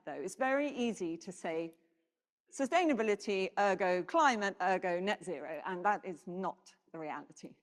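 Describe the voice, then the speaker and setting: Animated woman speaking in a hall. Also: fairly high pitch. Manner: animated, engages audience with questions. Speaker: keynote speaker. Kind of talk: conference presentation. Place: conference hall. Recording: reverberant hall.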